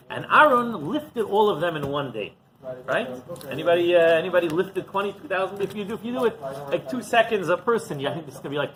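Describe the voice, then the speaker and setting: Rabbi giving a Torah class, lively storyteller with a bright voice, keeps asking the room questions. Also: male voice, on the high side, low-quality recording. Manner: animated storyteller, asks the audience rhetorical questions.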